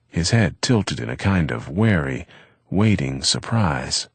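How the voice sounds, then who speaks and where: Male audiobook narrator, very low voice, husky, dry close recording, measured steady reading. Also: dry recording.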